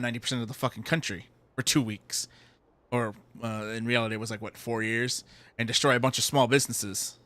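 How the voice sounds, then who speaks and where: A man's voice: medium pitch, steady tone, fast talker, bright, forceful tone, dry recording. A man streaming a game, ranting heatedly with lots of swearing. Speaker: gaming streamer. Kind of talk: ranting commentary while playing a game.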